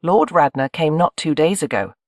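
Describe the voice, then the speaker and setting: A narrator voicing a bitter woman in her forties who speaks crisply and with reproach, in an audiobook. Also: medium pitch, animated, normal speed, no room sound, natural voice. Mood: cold, reproachful. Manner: crisp, accusing.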